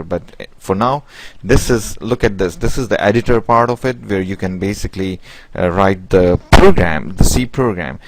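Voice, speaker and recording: Halting, low-voiced man teaching code. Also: a little hiss or hum, rough recording. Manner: halting, with many "basically" and "you know" fillers and restarts; patient, step-by-step explaining. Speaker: programming instructor. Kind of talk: screen-recorded coding tutorial.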